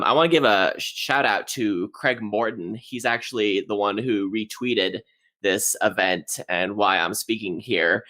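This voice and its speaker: A man giving a casual technical presentation, chatty and relaxed with frequent "um"s. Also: on the low side. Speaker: conference speaker.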